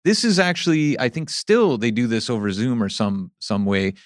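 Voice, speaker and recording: A man co-hosting a casual podcast, reading plugs briskly in an easygoing way. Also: medium pitch, sing-song, no room sound, clean studio sound. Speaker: podcast co-host.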